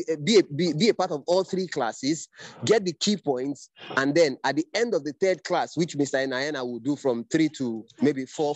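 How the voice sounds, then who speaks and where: A man's voice: mid-range voice, no echo. Earnest fatherly instructor. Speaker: training instructor. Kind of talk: online class talk. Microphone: video call.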